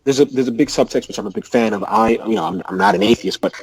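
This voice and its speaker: A man co-hosting a casual gaming podcast, talking in quick animated rants. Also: medium pitch, vocal fry, rough recording. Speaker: podcast co-host.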